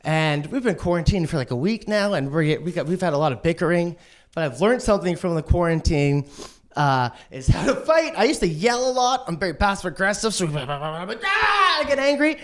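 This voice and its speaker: A man doing a stand-up set, manic and swearing, who acts out other people's lines in a shrill voice. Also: lively intonation, fairly quick. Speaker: stand-up comedian. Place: online streamed show.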